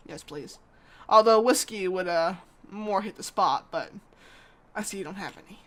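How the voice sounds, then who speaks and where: A weary, hard-drinking detective, as a woman puts him on, talking low, slow and gruff. The lines are game dialogue read aloud. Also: lightly acted.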